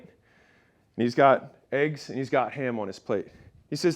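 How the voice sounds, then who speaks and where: A man's voice: medium pitch, animated, unhurried. A man giving a motivational business talk in a punchy, storytelling way, speaking straight to his audience.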